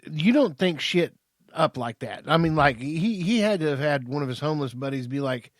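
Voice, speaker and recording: Podcast cohost guy cracking jokes, slightly high voice, dry sound. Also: lively intonation, moderate pace, no echo. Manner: wisecracking, joking interjections. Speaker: podcast co-host. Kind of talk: casual banter.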